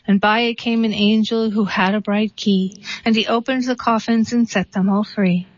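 A woman reading a short story and a poem aloud in a calm, even storytelling manner. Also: mid-range voice, moderate pace, no echo. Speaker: reader. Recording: dull dry recording.

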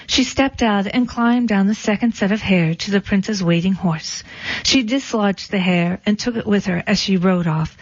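Female narrator, dry deadpan storybook read, muffled lo-fi audio, no room sound. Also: mid-range voice, dry recording. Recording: dull lo-fi recording.

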